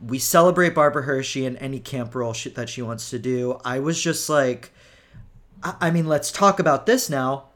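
A man's voice: moderate pace, a bit bright. A young adult man hosting a podcast, chatting casually in campy, gushing rants about films and comics. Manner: campy, gushing pop-culture rants with big pitch swings. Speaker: podcast host. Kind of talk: casual chat.

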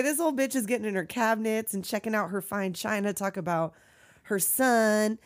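Woman co-host, casual chat, laughs and curses a lot, medium pitch, podcast recorded in a garage. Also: a little fast. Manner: laughing, profane and joking. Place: open garage.

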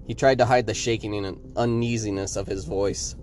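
A man's voice: lowish voice, level tone, moderate pace, hardly any pauses, darkish tone, faint music behind. A man narrating a horror story for a podcast, building suspense with his delivery.

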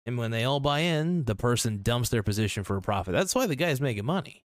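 A man's voice: medium pitch, lively intonation, fast talker, no echo, clean studio sound. A man giving casual reaction commentary in a blunt, rambling way, swearing freely and restarting his sentences.

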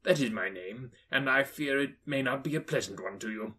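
A man's voice: medium pitch, moderate pace, bright, forceful tone, breathy edge. A man voicing a joyful, reformed old male miser, eager and humble, in an audiobook. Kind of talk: audiobook character voice.

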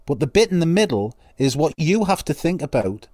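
A man co-hosting a studio chat, needling his colleagues with blunt jokes. His voice sits a touch high for a man. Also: very animated, brisk, a little mellow. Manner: teasing, blunt, jokey. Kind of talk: casual studio banter.

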